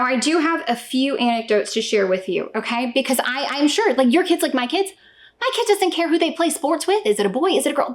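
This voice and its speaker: A woman in her thirties talking straight to the viewer as a homeschooling parent, emphatic and often checking in with "okay?". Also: high-pitched. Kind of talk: direct-to-camera talk.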